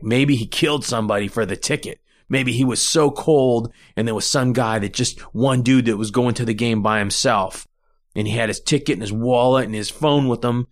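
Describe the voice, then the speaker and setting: Man telling rambling stories on a podcast. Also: mid-range voice. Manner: rambling anecdotal storytelling with frequent restarts. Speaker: podcast host. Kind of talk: casual solo monologue.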